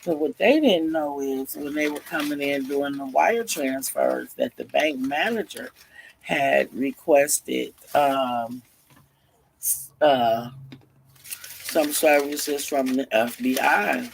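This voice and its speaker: A man's voice: medium pitch, slow, vocal fry, a little hiss or hum. A man casually telling a story, acting out the voices of the people in it. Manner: animated, acts out each character's lines.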